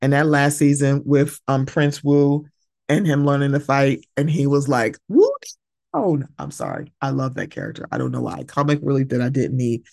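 A woman's voice: rumbling low, fairly even intonation, moderate pace, gravelly, darkish tone, no echo, clean studio sound. A woman hosting a solo podcast, talking in a casual, emphatic way, swearing freely and acting out the people she quotes. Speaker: podcast host. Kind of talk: solo casual chat about reality TV.

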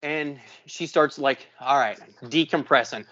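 A man's voice: medium pitch, brisk, hardly any pauses, fairly bright tone, dry recording, lo-fi sound. A man co-hosting a podcast, telling a long profane story and acting out both sides of an argument. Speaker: podcast co-host. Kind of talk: casual storytelling.

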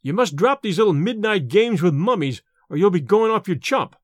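A man voicing a brisk, level-headed male student in a storybook reading, speaking bluntly. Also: high voice, lively intonation, dry recording, clean studio sound. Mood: brusque.

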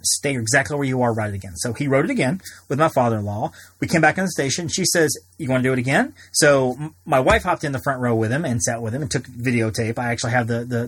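A man's voice: mid-range voice, husky, dry recording. A man in his thirties hosting a podcast, telling personal stories in a casual, rambling way with frequent restarts. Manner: rambling, many restarts and repeated words. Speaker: podcast host.

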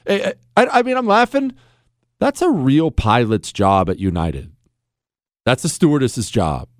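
A man hosting a call-in radio show with a high voice that swings widely. He is sarcastic and laughs often. The studio sound is dry and close. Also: no echo. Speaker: radio talk show host. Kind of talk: animated call-in radio talk.

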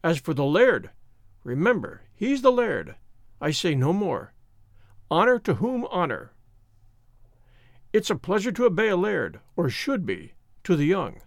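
An earnest old minister who lectures in a solemn, sermonizing way, as a man reads him aloud for an audiobook. The voice sits high and swings widely, and the sound is close and dry. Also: huge pitch swings, a little slow, creaky, long pauses, no room sound, heavily acted. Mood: earnest counsel. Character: kindly old Scottish country minister, earnest. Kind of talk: audiobook reading.

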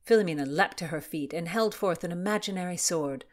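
A woman reading a historical novel aloud in measured scripted narration, dropping to soft whispery asides at times. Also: fairly low pitch. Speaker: audiobook narrator.

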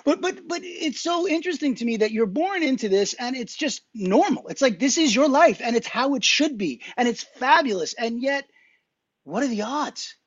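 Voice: high voice, lively intonation, normal speed, dry recording, muffled recording. An enthusiastic host interviewing a guest in casual chat, effusive and full of praise.

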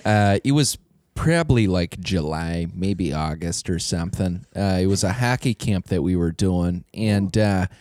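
A man's voice: low voice, expressive, measured pace, a little mellow, no room sound, clean studio sound. A man telling a story in casual chat, rambling with lots of fillers.

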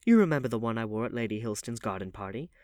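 A man's voice: medium pitch, animated, quick pace, a little mellow, no echo, studio quality, lightly acted. A man voicing a witty, teasing aristocratic young duchess in an audiobook, with a playful, bantering manner.

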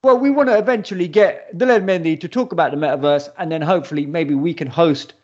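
A man co-hosting a podcast, telling stories in an animated way and laughing often. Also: on the high side, quick pace, muffled recording. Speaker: podcast co-host. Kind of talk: casual chat.

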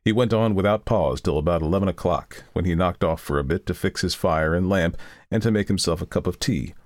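A man narrating a storybook in a steady, measured reading. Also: deep voice, no room sound, studio quality. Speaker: audiobook narrator. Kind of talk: scripted narration.

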